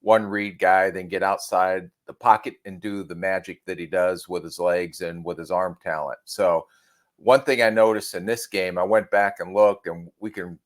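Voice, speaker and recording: Low-voiced man breaking down football. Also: fairly even intonation. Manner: measured, self-deprecating analysis. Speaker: podcast co-host and draft analyst. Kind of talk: casual podcast chat.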